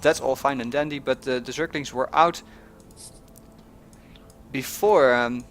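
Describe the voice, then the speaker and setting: A man's voice: medium pitch, measured pace, a little hiss or hum. A man giving casual commentary on a strategy game match, with lots of fillers, restarts and small chuckles. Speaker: game caster.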